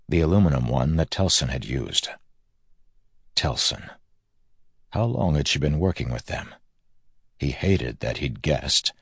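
Deep, husky, grave audiobook narrator. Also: male voice, no echo, clean studio sound. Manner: measured and grave.

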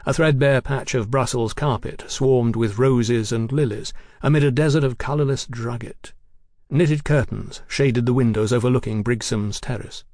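A man reading a novel aloud as an audiobook narrator, in a measured, descriptive way. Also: medium pitch, darkish tone, dry recording, studio quality.

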